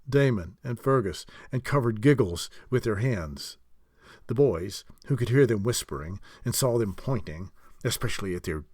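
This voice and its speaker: A man narrating a fantasy audiobook chapter in an expressive storytelling way. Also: medium pitch, no echo, clean studio sound.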